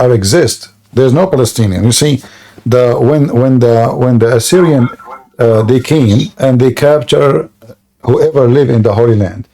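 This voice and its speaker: A man's voice: medium pitch, mellow. A man hosting a debate, lecturing insistently and repeating words to press his points. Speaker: host debating callers. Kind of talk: heated live debate.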